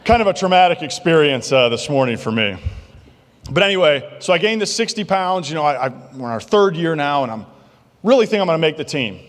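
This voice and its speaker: A male keynote speaker telling stories in an animated, jokey way to a banquet crowd. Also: fairly high pitch, brisk. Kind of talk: motivational keynote storytelling. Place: large banquet hall. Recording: long reverb of a large hall.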